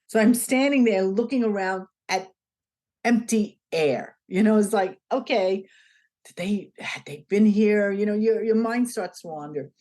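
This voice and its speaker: A woman with a mid-range voice talks through a story from her past as an interview guest. She is animated and casual, and she slips into the voices of the people she describes as she goes. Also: mid-range voice, a little slow. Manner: animated, acts out the dialogue in her stories. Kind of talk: conversational storytelling.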